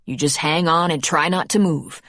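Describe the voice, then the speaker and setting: A woman's voice: deep voice, steady tone, moderate pace, a bit bright, dry recording, studio quality. A woman narrator voicing a protective man who is tender and determined. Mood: tender urgent.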